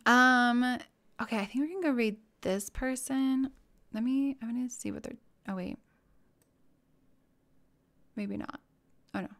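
Young woman streamer chatting w her viewers, kinda high voice, bubbly and gushy. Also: a little slow, pauses often. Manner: bubbly, gushing, easily excited. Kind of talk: casual live-stream chat.

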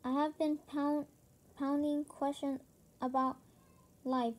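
A woman voicing a calm, thoughtful old male wizard in a children's storybook, slow and halting. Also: sits high. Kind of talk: reading a children's chapter book aloud.

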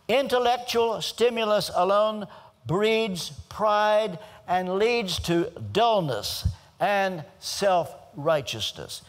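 An older man from the United States gives a theology lecture in a slow, weighty preaching cadence, leaving dramatic pauses between phrases. His voice sits somewhat high for a man and swings widely in pitch as he stresses key words. A long hall reverb trails after each line. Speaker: theology teacher.

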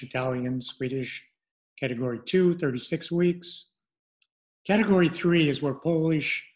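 A middle-aged man with a medium-pitched voice teaches a language lesson online. His speech is halting, with many fillers and restarts.

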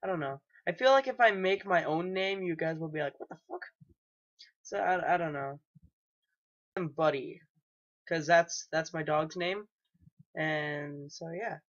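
A man's voice: on the high side, measured pace, fairly bright tone. A young man, maybe a teenager, doing casual let's play commentary, hesitant and rambling with lots of ums and restarts. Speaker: gaming YouTuber. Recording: dull lo-fi home mic.

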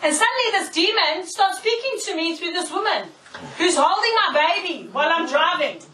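High-voiced woman preaching. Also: a little fast, crowd noise. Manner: animated storytelling, laughs often, checks in with "okay?". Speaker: preacher, prophetess. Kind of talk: sermon. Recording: echoey room, mic far off.

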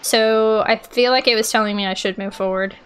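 A woman hosting a let's play, thinking aloud in a chatty, unsure way and often yelling out in excitement. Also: on the high side, brisk, clean tone. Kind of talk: gaming commentary. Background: game music.

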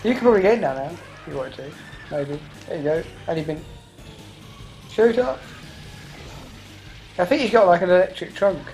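A woman talks over a co-op game, her voice swinging widely in pitch as she yelps and laughs. She swears mildly and chatters nonstop, with faint game music underneath. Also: animated, moderate pace, pauses often, darkish tone, low-quality recording. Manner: exclaiming, laughing, mild cursing. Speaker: let's play host. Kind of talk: casual co-op gameplay chat.

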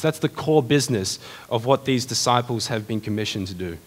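A male pastor delivers a sermon with a middle-pitched voice and keeps it lively and conversational, tossing rhetorical questions at the congregation. His words ring out with a long reverb from the church hall around him. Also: brisk.

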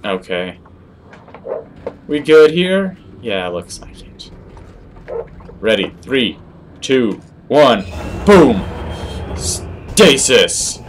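A man commentating while playing a horror game, sarcastic and taunting enemies, breaking into sudden shouts. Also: medium pitch, big pitch swings, extremely slow, long pauses, a little hiss or hum. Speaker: gameplay commentator. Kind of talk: let's play commentary. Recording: game sounds clearly behind the voice. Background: game audio.

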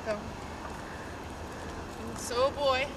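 Her voice high and her tone steady, a woman speaks slowly while goofing off at an outdoor bus stop for a camcorder her friend holds. She laughs, bosses the friend and swears often as cars go by on the noisy street.

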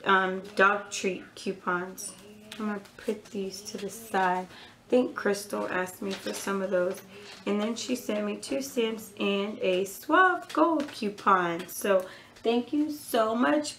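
A woman's voice: mid-range voice, a bit bright, poor audio. Chatty woman opening fan mail. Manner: chatty, gushing, fast asides. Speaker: couponing vlogger. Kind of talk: casual mail-opening chat.

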